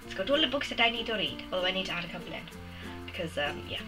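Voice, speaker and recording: A young woman in casual chat as a book vlogger, bubbly and full of quick asides, with music behind. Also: medium pitch, big pitch swings, low-quality recording.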